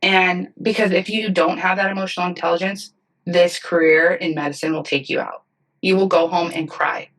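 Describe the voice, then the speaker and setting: A woman's voice: lowish voice, fairly even intonation, normal speed, fairly bright tone, recorded from a distance, low-quality recording. A woman in her thirties, a nursing director, talking candidly in a podcast interview and acting out the people she quotes. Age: 30s. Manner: earnest, candid storytelling that acts out voices.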